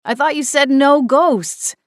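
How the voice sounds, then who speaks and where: A woman voices an exasperated, grumbling young husband, pitching herself higher than her natural voice and speaking at a measured pace. The recording is dry and studio quality.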